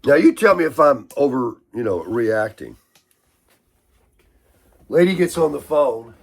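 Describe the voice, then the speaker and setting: Husky, congested American man chatting. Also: medium pitch, big pitch swings, measured pace. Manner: rambling storytelling, grumbling. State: sick, congested and hoarse. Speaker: vlogger. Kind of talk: casual morning chat.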